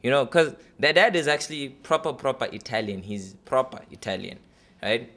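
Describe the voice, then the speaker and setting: A man's voice: medium pitch, expressive, normal speed, a bit bright. Young man doing stand-up. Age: 20s. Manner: loose, chatty, full of fillers. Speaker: stand-up comedy contestant. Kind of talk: stand-up comedy audition.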